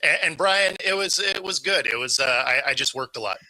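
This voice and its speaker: Co-host, male, very bright and sharp tone, stammering restarts, dry close sound. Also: on the high side, animated, no echo, rough recording. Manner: quick agreeing, stammered restarts. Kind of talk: casual sports talk.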